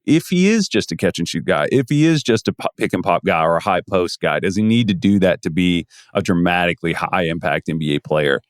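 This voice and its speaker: A man's voice: low voice, animated, brisk, hardly any pauses, no room sound, studio quality. A man co-hosting a podcast, thinking aloud in casual basketball analysis with lots of restarts. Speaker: podcast co-host.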